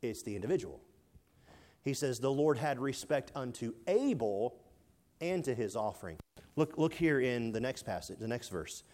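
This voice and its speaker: A man's voice: mid-range voice, expressive, moderate pace, a little mellow. A man preaching a sermon, reading old scripture and explaining it in an earnest, questioning way, often repeating himself as he thinks aloud. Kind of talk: expository sermon.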